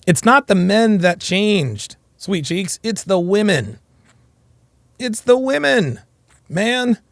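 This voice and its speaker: A man's voice: high-pitched, sing-song, slow pace, a bit bright, no room sound, clean studio sound. A man co-hosting a podcast, blunt and mocking, reading viewer comments aloud. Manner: blunt, mocking, reads super chats aloud. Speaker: podcast co-host. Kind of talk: casual podcast chat.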